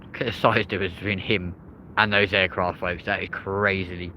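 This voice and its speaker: A man's voice: low voice, little pitch movement, brisk, bright, forceful tone, a little hiss or hum, poor audio. A man hosting a live aviation stream outdoors by a runway, chatting casually with viewers and reading their comments. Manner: chatty, reads chat aloud, addresses viewers as mate and folks. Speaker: aviation livestream host.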